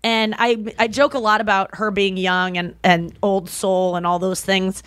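A woman's voice: medium pitch, level tone, measured pace, fairly bright tone, clear, resonant tone, no room sound, clean studio sound. A young woman co-hosting a podcast, telling stories in a chatty, gushing way full of "like" fillers. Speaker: podcast co-host. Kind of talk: casual podcast chat.

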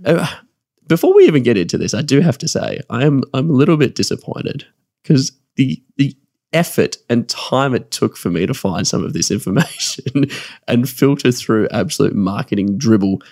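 Lively gravelly man. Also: medium pitch, moderate pace, no echo, clean studio sound. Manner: animated, chatty, laughs often. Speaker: podcast co-host. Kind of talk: casual business podcast chat.

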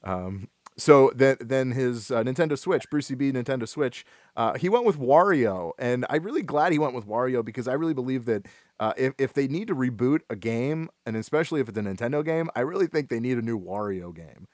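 A man hosting a casual gaming podcast, who talks in a halting, rambling way with many restarts and fillers. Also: medium pitch, lively intonation, darkish tone, no echo, clean studio sound. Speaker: podcast host.

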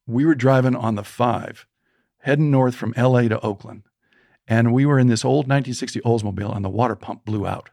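Gravelly man telling a story. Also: mid-range voice, fairly quick, no room sound, studio quality. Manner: animated, vivid storyteller. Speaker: guest, storytelling coach. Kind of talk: personal storytelling in an interview.

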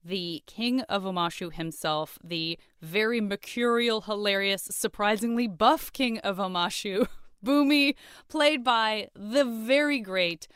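A woman's voice: mid-range voice, unhurried, a bit bright, smooth, dry recording, studio quality. A middle-aged woman co-hosting a podcast in a playful, bubbly casual chat. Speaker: podcast co-host.

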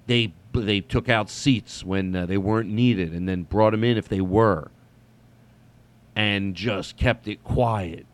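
A man with a slightly low voice hosts a solo comedy podcast. He rambles casually, restarts his sentences and swears freely.

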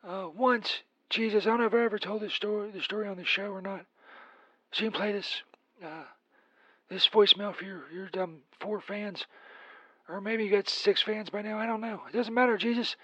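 A man's voice: very high voice, dry recording, lo-fi sound, pitched above the performer's own voice. A man voicing a crude, rambling Saint Peter who leaves a profane, petty comic voicemail.

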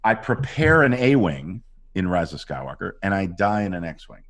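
A man with a very low, deep voice tells animated stories from a film set in a relaxed interview. He acts out other people's lines as he goes, and his pitch swings widely through the telling. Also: normal speed. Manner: animated anecdotes with acted-out quotes. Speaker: actor guest. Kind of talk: casual interview storytelling.

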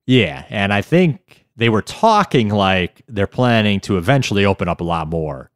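Minnesota guy on a podcast, low-ish voice, dry close sound, chill and laughy. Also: lively intonation, normal speed, smooth, no echo. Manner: laid-back, laughs easily. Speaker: podcast co-host. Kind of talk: casual chat.

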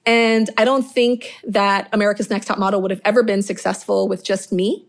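A middle-aged woman from Inglewood, California, telling stories from her modeling and producing career as an interview guest in a lively, chatty way full of "like" fillers. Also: fairly high pitch, brisk, hardly any pauses. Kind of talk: casual storytelling interview.

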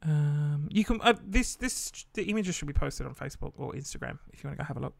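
An Australian man hosts a casual monologue in a fairly high, gravelly voice, talking fast with lively intonation in a dry recording with no echo. He's loose and rambling, swears casually and uses plenty of fillers.

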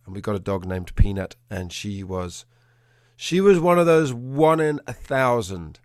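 A man, a dog trainer, telling a story in an animated way and acting out the quotes in a changing voice. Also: fairly low pitch, unhurried, clear, resonant tone, dry recording, clean studio sound. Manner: animated, acts out quotes in a shifting voice. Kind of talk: conversational storytelling.

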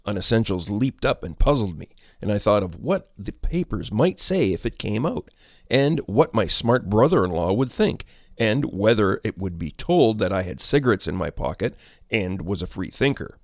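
A man reading a ghost story aloud as narrator, in measured, deliberate storytelling. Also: on the low side, big pitch swings, no echo, clean studio sound.

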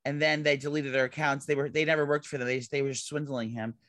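A man's voice: fairly high pitch, little pitch movement, fast talker, a bit bright, dry recording. A man co-hosting a podcast in casual chat, rambling with lots of fillers and restarts. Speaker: podcast co-host.

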